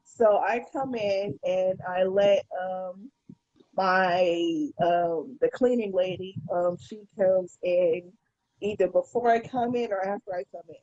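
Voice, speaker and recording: A woman's voice: fairly low pitch, slow, darkish tone, dry recording, dull audio. A woman co-hosting a podcast, telling a story in casual chat, profane and stumbling over repeated words. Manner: profane, repeats words when starting sentences. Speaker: podcast co-host.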